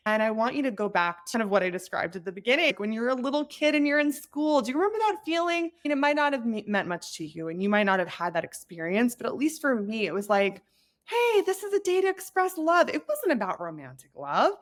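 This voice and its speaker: A woman's voice: fairly high pitch, expressive, quick pace, few pauses. Earnest chatty woman giving advice. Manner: earnest, chatty, emotional at times. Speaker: podcast host. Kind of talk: advice podcast monologue.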